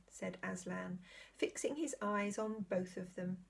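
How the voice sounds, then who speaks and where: A woman reading a children's novel aloud in a gentle, measured storytelling manner. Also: mid-range voice, creaky, husky. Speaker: storybook reader.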